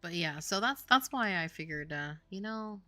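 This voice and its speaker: A woman's voice: fairly low pitch, expressive, moderate pace, bright, forceful tone, soft background music. An American woman, a game developer streamer, rambling in casual livestream chat, filling her talk with "like" and laughing often. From United States.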